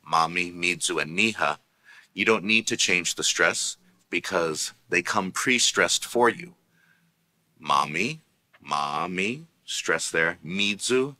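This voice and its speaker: Man, language teacher, patient, explanatory, low voice. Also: pushed and bright. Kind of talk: recorded language lesson.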